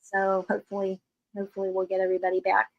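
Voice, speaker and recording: A woman's voice: medium pitch, completely flat delivery, fast, creaky, lo-fi sound. A woman from the United States, a panel member in a casual podcast chat, talking in a chatty, friendly way. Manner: chatty, friendly, loose fillers.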